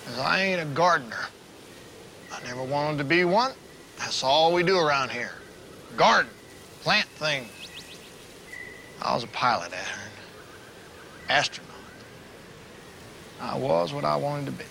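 An actor playing an aging former astronaut with a Southern drawl, grumbling and restless about a quiet farm life. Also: male voice, fairly high pitch, expressive, measured pace, pauses often, a little hiss or hum, full character voice, poor audio. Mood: bitter earnest. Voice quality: gravelly drawl. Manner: grumbling, plain-spoken. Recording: TV episode clip with background ambience.

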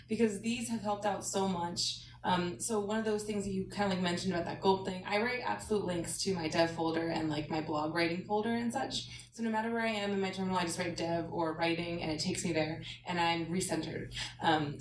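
A woman co-hosting a casual tech chat, upbeat and playful. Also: mid-range voice. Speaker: co-host. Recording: roomy, distant mic, faint background hum.

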